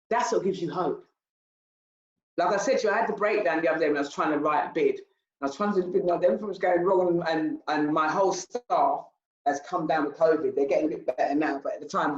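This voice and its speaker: An older woman, a charity founder talking in an interview, animated and repetitive. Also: low-pitched. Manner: animated, repetitive, acts out her own past speech. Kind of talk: interview talk. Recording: roomy, slightly dull sound.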